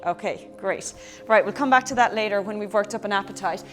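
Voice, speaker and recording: A woman's voice: mid-range voice, a little fast, a bit bright, soft background music. A young Irish woman leading a children's yoga class, playful and encouraging as she talks to the kids at home.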